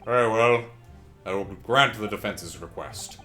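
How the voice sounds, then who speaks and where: A man voicing a stern, formal elderly male judge in a courtroom game, delivering slow pronouncements. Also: on the low side, sharp tone, soft background music.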